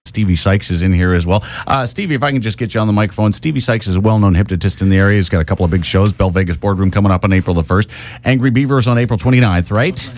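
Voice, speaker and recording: A man hosting a live morning radio show, speaking quickly in a low register. His delivery is brisk and upbeat, like a seasoned announcer filling airtime between segments. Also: darkish tone.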